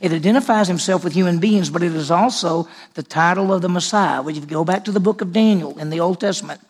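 Gravelly man teaching a Bible lesson. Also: high-pitched, fast. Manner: conversational, repeats words for emphasis.

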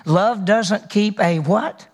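A man's voice: high-pitched, takes it slowly, big-room sound. A man preaching a sermon as pastor, talking in a conversational way and putting questions to his congregation.

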